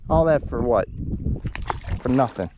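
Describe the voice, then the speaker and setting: A man's voice: medium pitch, expressive, a little slow, very noisy. A man, vlogging while fishing from a boat in a marsh, rambling and frustrated as he talks to viewers. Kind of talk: casual outdoor fishing vlog.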